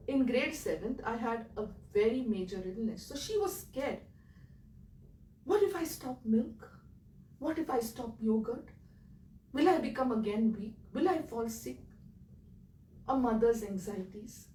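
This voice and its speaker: A woman with an Indian accent, telling her own story in an earnest, emotional way that swings between loud and quiet. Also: on the high side, reverberant, recorded from a distance, a little hiss or hum, rough recording. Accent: Indian English. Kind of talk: personal storytelling talk.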